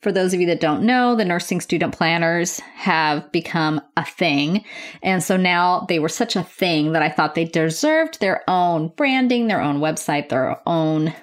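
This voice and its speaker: A woman's voice: on the low side, expressive, measured pace. An American woman nurse hosting her own podcast from a home office, chatting in an upbeat, gushing way. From United States. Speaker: podcast host. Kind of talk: casual podcast chat.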